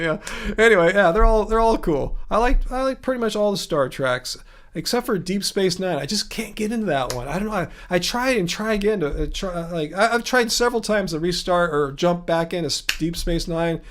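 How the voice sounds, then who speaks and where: Male livestream host, high voice, chatty and rambling, reads viewer messages. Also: a bit bright. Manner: rambling, chatty, chuckles often while reading chat. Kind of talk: casual livestream chat.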